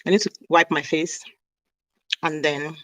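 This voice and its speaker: A woman's voice: low voice, little pitch movement, unhurried, sharp tone, dry recording, poor audio. A woman chatting casually on a live stream, rambling and snacking as she talks. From Nigeria (South South). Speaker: hair care vlogger. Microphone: camera mic on a live stream.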